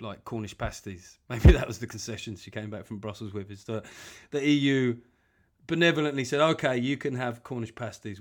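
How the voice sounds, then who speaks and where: A man hosting a comic podcast monologue, animated and sweary, with self-mocking asides. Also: medium pitch. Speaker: comedian podcast host.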